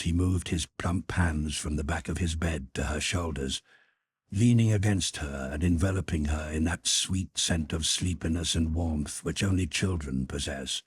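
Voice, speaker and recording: Deep, husky male audiobook narrator. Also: no room sound, studio quality. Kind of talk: scripted narration.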